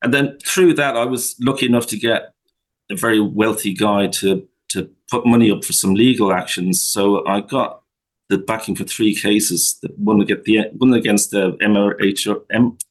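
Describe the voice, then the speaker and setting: A man speaking as a guest on a talk radio show, friendly and chuckling, with halting restarts. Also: lowish voice, fairly even intonation, low-quality recording. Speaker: guest, campaign founder. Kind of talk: radio interview.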